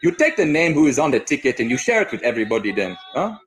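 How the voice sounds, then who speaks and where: A man's voice: medium pitch, very animated, fast talker, lightly acted. A man putting on a Ugandan accent in broken, formal English, chatting on a stream. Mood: defensive. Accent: put-on Ugandan. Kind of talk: casual stream chat.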